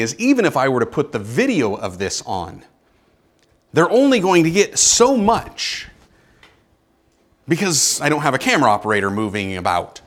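Lively, higher-voiced pastor in his forties. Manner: animated, joking asides to the congregation. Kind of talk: conversational sermon. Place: church sanctuary.

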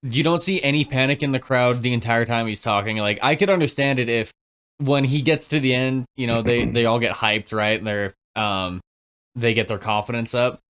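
A man's voice: medium pitch, moderate pace, a bit bright, smooth. Laid-back man explaining movie lore. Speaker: movie rewatch podcast co-host. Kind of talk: casual movie commentary chat.

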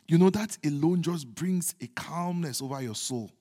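A man preaching a sermon as pastor, repeating his points emphatically and moving between loud declarations and hushed, joking asides. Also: on the high side, unhurried. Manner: humorous asides with chuckles. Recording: long hall reverb.

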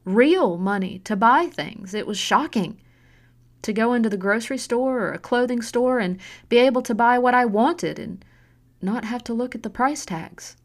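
A woman's voice: fairly high pitch, expressive, close to an everyday voice. A woman voicing an intense middle-aged mother who is hard on her daughter, speaking in an earnest, pressing way in an audiobook story. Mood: wistful. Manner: earnest, pressing, slow deliberate pleading.

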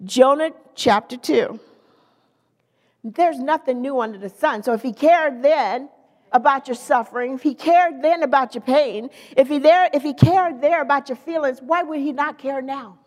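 A woman preaching a sermon in a lively, conversational way, with playful asides to the congregation. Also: high-pitched, normal speed, in a large hall.

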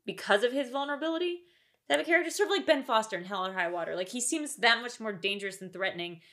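A woman's voice: on the high side, animated, quick pace, fairly bright tone. A woman co-hosting a podcast, giving strong opinions in casual chat with lots of filler words. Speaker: podcast co-host.

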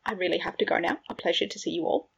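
A woman's voice: on the low side, big pitch swings, rapid-fire, vocal fry, husky, exaggerated voice. A woman reading a fan fiction audiobook, voicing a cold, dismissive older wizard father with stiff politeness. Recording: dull lo-fi recording.

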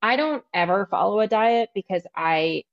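A woman's voice: medium pitch, expressive, moderate pace. A woman hosting a podcast interview, candid and chatty, who swears casually. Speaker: podcast host. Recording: dull lo-fi audio.

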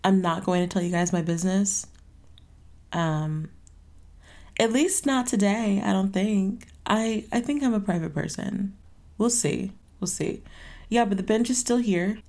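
A woman's voice: medium pitch, measured pace, darkish tone. A young woman hosting her own podcast in a casual solo chat, rambling playfully and tossing in sassy asides. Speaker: podcast host.

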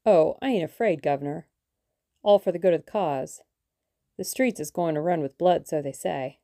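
A woman reading an audiobook, voicing a hoarse male thug who relishes violence. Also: sits low, normal speed, dark tone. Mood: grim relish.

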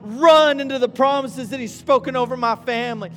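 A man preaching and praying, moving from quiet pleading to shouted, repeated prayer. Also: very high-pitched, fairly quick, hardly any pauses. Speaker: pastor. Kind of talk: sermon and prayer. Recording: long reverb with faint music.

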